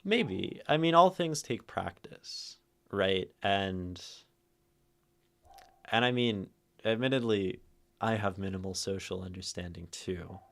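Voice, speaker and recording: A man hosting a poetry livestream, thinking out loud to chat, shifting word stress and checking in with "right?". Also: sits low, animated, slow pace, gravelly. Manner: thoughtful, tags phrases with "right?"; plays with stress, rereading lines different ways. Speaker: streamer hosting a poetry reading. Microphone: streaming mic and camera.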